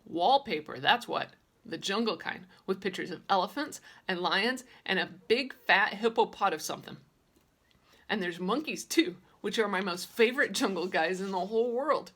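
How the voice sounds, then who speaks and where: A woman narrating a children's audiobook in a lively, childlike storytelling manner. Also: medium pitch, moderate pace. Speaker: audiobook reader.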